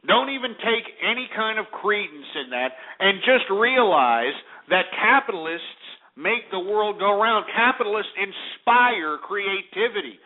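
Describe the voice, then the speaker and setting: A male talk radio host rants through a profane monologue in quick bursts. His voice sits high for a man and comes through a thin, tinny lo-fi radio sound. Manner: ranting, profane, fast bursts.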